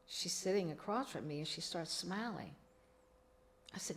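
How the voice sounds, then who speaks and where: A woman's voice: fairly low pitch, lively intonation, normal speed, long pauses. A middle-aged woman, telling her own recovery story as a podcast guest, acting out the dialogue she quotes.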